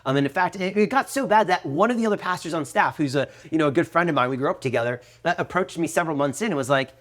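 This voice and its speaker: A man in his thirties co-hosting a faith podcast, telling a personal story in a lively way and acting out what others said. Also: on the high side, rapid-fire, hardly any pauses. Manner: animated storytelling, acting out quoted voices. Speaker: podcast co-host. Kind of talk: conversational testimony.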